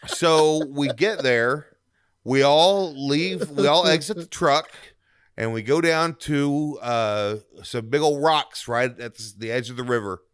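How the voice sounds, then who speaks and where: A man's voice: mid-range voice, slow, a bit bright, clean tone, dry recording. Easygoing man on a dry mic. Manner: easygoing, laughs hard. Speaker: podcast co-host. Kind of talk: casual storytelling chat.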